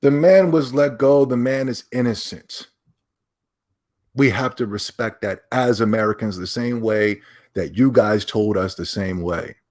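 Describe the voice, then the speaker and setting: A man hosting his own podcast, talking alone in an animated, mocking, opinionated way. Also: medium pitch, measured pace. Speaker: podcast host. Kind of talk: casual solo rant.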